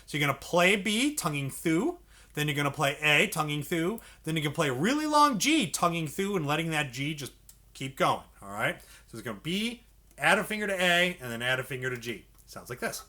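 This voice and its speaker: High, lively-voiced man teaching saxophone. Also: a little fast. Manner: patient, repetitive step-by-step coaching. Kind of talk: instructional explanation for beginners.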